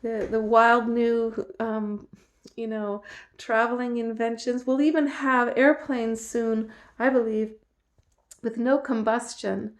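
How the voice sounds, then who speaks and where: A woman's voice: on the high side, level tone, takes it slowly. A middle-aged woman hosting her own show, talking casually and animatedly to the camera from home, laughing often and acting out the people she quotes. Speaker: host. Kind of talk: casual direct-to-camera talk. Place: home, emptied out.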